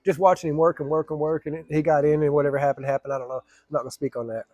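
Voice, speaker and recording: Colloquial male storyteller, meandering and profane, slightly high voice. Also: fairly even intonation, rapid-fire, a little mellow, no echo, highs cut off. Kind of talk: casual anecdote telling.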